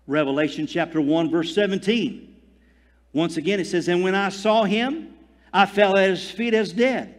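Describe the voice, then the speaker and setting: High-voiced man preaching in a reverberant church. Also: moderate pace. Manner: fervent preaching, dwells on phrases and calls for amen. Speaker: pastor. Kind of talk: sermon. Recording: long hall reverb.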